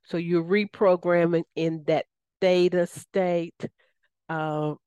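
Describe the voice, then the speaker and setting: A woman's voice: on the low side, fairly even intonation, takes it slowly, dark tone, clean tone, dry recording. A woman with a Southern US accent hosting a radio show, enthusiastic and folksy, calling her listeners y'all. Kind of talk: casual radio talk.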